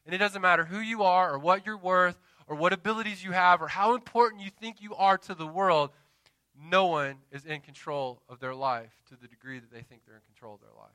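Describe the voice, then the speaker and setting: A man in his thirties preaching a sermon with passion, dramatic pauses and call-and-response asides to the congregation. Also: high voice, pushed and bright, dry recording. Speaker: pastor. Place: church.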